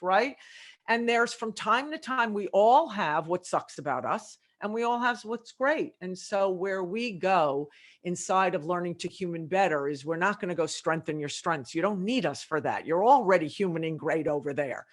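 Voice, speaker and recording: A woman's voice: fairly low pitch, normal speed. A middle-aged woman, a leadership consultant, talking in a podcast interview and acting out conversations as she tells stories. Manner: animated storytelling with quoted dialogue.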